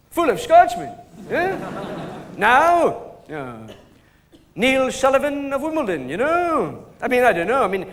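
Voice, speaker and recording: A man's voice: very high voice, fairly bright tone, heavily acted. A man with a Scottish accent impersonating a rambling, forgetful older football pundit who loses names mid-sentence. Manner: rambling, forgetful, full of "you know" and "eh?". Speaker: comedian doing an impression. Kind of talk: live sketch comedy. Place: live stage before an audience. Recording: live hall with audience and noise.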